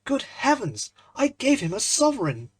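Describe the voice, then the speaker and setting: A man's voice: sits high, sing-song, normal speed, slightly rough, no room sound, clean studio sound, voice pushed up, full character voice. A man voicing a poor, charming young man who sounds sulky, flustered and stammering, in a storybook reading.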